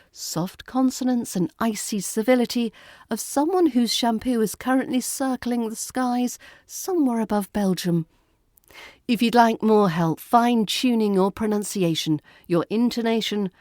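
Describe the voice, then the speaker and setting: A woman's voice: mid-range voice, darkish tone, no room sound. A woman with a British RP accent, an accent coach giving a scripted lesson with dry humour and precise enunciation, then reading a fairy tale. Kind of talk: scripted lesson and storybook narration.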